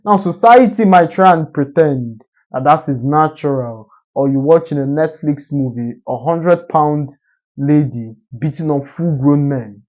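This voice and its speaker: A man delivers a motivational monologue, assertive and lecturing, driving each point home. His voice sits slightly high. The recording is dull and lo-fi. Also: measured pace. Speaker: social media commentator.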